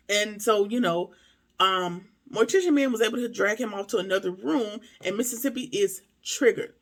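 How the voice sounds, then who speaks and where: With a mid-range voice and noticeable vocal fry, a TV episode reviewer offers a casual recap and commentary. The delivery is emphatic, addressed straight to viewers and full of rhetorical questions.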